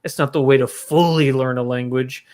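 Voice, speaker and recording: A man's voice: mid-range voice, steady tone, normal speed, darkish tone. A man co-hosting a casual chat, asking questions and rambling along. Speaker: co-host.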